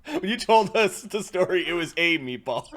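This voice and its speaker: A man hosting an online tabletop game session, talking unhurriedly but with a lively, swinging pitch. He laughs easily between lines in a loose, joking chat over a video call. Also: a little hiss or hum. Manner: laughs often, lively, slow-spoken. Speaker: host and game master.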